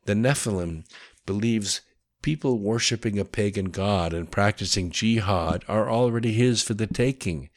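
A man reading the part of a calm, knowing woman in an audiobook, speaking firmly and with finality. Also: fairly low pitch, moderate pace, voice pushed up, close to an everyday voice. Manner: firm, final, explanatory.

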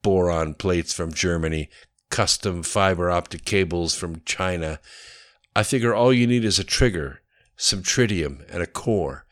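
A cold, clipped former bureaucrat, read by a man in a deep, low voice. He lays out plans matter-of-factly in a storybook thriller. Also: a little slow. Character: cold calculating Russian ex-official man.

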